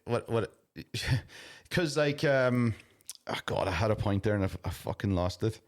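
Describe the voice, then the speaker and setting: A man's voice: on the low side, animated. A man co-hosting a comedy podcast, rambling and swearing casually about a film. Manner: sweary, rambling, quick to laugh. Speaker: podcast co-host.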